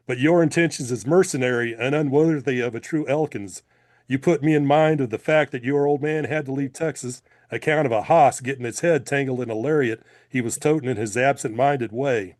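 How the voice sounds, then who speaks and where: A man's voice: mid-range voice, fairly quick, darkish tone, close to an everyday voice. A man voicing a huge, brawling backwoods cousin who talks with a scornful frontier drawl and folksy grammar.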